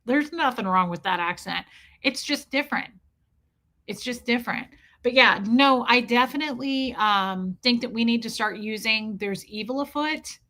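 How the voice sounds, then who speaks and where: Woman, from the Midwest, live-stream host, fast talker, bright tone, higher pitch, casual chat. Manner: fast-talking, swearing, laughing storyteller.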